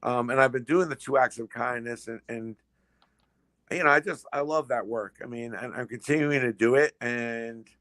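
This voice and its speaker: A man telling stories as a podcast guest, fast and full of restarts and repeated words. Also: mid-range voice, fairly bright tone, no room sound. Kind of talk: casual storytelling.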